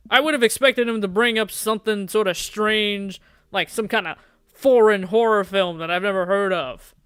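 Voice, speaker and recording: A streamer reading a dating game aloud during a live playthrough, animated and jokey, laughing often. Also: medium pitch, clear, resonant tone.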